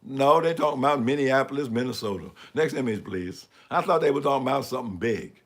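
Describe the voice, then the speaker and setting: A man with a medium-pitched, expressive voice speaks quickly as he mocks news images on a live stream. He keeps the sarcasm going while calling for the next slide.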